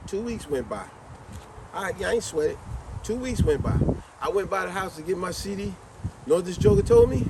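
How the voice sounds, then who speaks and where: A man's voice: sits high, brisk, noisy background. Slangy guy preaching a story in his car, voice swings all over, mic kinda far. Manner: animated, slangy, lecturing. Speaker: vlogger. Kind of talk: casual storytelling.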